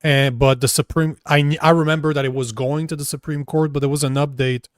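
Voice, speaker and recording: A man's voice: on the high side, steady tone, fairly quick, dry recording. Male co-host, casual political chat, loose and hesitant delivery, dry close sound. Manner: loose and conversational, hesitant when recalling facts. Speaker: political talk show co-host.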